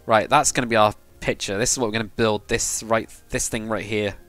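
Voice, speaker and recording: A man's voice: on the low side, steady tone, fairly quick, fairly bright tone, faint music behind. A British man from the UK chatting casually with viewers while he builds in a game, rambling and swearing now and then. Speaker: livestreamer. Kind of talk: casual live-stream chat while building.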